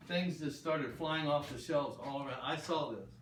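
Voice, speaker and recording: A man's voice: a little high, moderate pace. An older man guiding a tour through an old wooden building, telling stories in a chatty way and acting out the voices of the people in them. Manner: chatty, acts out quoted voices. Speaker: ghost town guide. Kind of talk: storytelling tour talk. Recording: roomy, distant, noisy camera audio.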